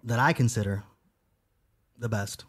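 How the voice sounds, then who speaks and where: A man's voice: mid-range voice, unhurried. Rambling male podcast co-host. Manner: rambling, full of "you know" and "uh" fillers. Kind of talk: casual podcast chat.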